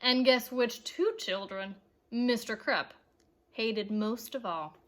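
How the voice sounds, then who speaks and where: A woman reads a children's chapter book aloud in a high, bright voice. She takes her time and tells it playfully and expressively, turning now and then to ask her young listeners questions. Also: slow. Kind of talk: storybook read-aloud for children.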